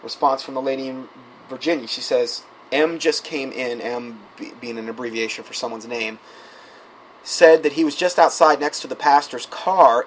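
Male preacher, mid pitch, reads quoted messages with frequent asides, faint noise behind. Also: rough recording. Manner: reads quoted texts aloud with asides, many fillers. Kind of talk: sermon-style recounting.

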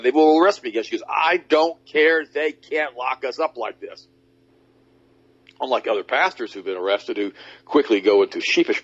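A man hosting a talk radio show, speaking emphatically and mocking others in high put-on voices. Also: slightly rough. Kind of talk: animated talk radio monologue. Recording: dull lo-fi audio.

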